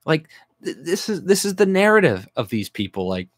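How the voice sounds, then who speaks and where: A man's voice: on the high side, big pitch swings, moderate pace, no echo, studio quality. A man from Canada, a YouTuber, ranting angrily and sarcastically as he reacts to an article he reads aloud, with lots of swearing. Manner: profane, sarcastic, mocking. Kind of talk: angry reaction rant reading out an article.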